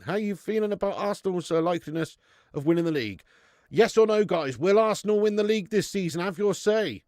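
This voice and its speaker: Hosting a live football watch-along, a man in his thirties jokes with chat and curses casually. He sounds high and expressive with a darkish tone, talking a little fast. The audio is clean studio sound without room reverb.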